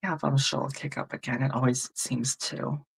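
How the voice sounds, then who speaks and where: Gravelly-voiced woman chatting on a livestream. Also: rumbling low, fairly even intonation, normal speed. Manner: chatty, thanks viewers by name, muses aloud. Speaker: tarot reader and livestream host. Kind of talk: casual livestream chat with viewers.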